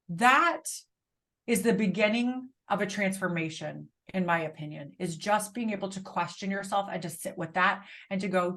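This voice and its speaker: A woman's voice: mid-range voice, normal speed, fairly bright tone. A woman in her thirties hosting a casual chat, blunt and emphatic, swearing freely. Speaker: podcast host.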